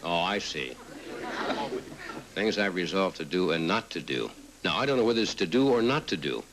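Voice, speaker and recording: A middle-aged man hosts a late-night talk show and reads audience cards with wry, teasing quips. His voice swings up and down lively, while a big studio audience roars with laughter behind him. It sounds like an old broadcast taped off the air, with steady hiss. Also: low-pitched, normal speed, a crowd in the background. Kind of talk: reading audience cards with jokes.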